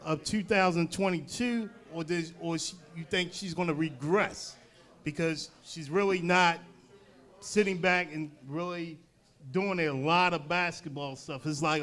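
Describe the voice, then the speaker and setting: Male podcast host, high voice, easygoing questions. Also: a little slow. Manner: relaxed, joking questions with "you know" fillers. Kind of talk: casual podcast chat.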